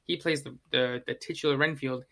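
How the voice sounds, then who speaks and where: A podcast co-host in casual movie-review chat, talking in an animated way, swearing and acting out their own reactions. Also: mid-range voice, a little fast.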